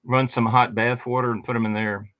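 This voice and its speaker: A man's voice: mid-range voice, little pitch movement, a little fast, no room sound. Older retired army guy, easygoing, lots of ums, kinda muffled audio. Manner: easygoing, hesitant with many ums. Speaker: retired army veteran guest. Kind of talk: casual chat. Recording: slightly dull, muffled audio.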